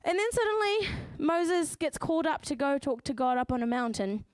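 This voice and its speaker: A woman with a New Zealand accent preaching a sermon in church, telling the story with lively asides and acting out the voices of the people in it. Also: high-pitched, moderate pace, dry recording.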